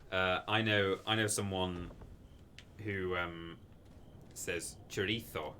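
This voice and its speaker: A man's voice: deep voice, fairly even intonation, slow pace, sharp tone, slight background noise. Chatty man streaming a game. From England. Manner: chatty, rambling, self-deprecating, reads chat aloud. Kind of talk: casual livestream chat.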